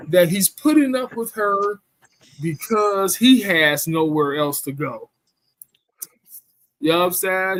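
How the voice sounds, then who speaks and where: A man with a slightly higher voice tells a rambling, profane story in a loose, chatty way. He keeps tossing in "you know what I'm saying" between thoughts. The sound is dry and close, with no room around it. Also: a bit bright, no echo. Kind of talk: casual storytelling rant.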